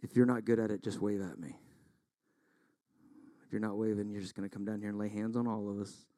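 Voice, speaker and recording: A man's voice: fairly low pitch, fairly even intonation, brisk, no room sound. A man, a pastor, preaching a sermon in an intense, emphatic way with self-deprecating asides. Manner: intense, builds to loud emphatic peaks.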